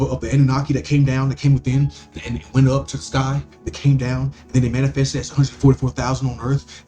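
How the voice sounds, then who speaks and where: A man's voice: medium pitch, dark tone. A man hosting a podcast, ranting in a profane, rambling monologue full of stammering restarts. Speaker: podcast host.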